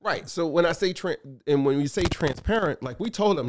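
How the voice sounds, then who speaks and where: A man co-hosting a casual talk show, telling animated stories with lots of fillers and acted-out quotes. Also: fairly high pitch, normal speed, hardly any pauses. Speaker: co-host, store owner. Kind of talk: casual chat.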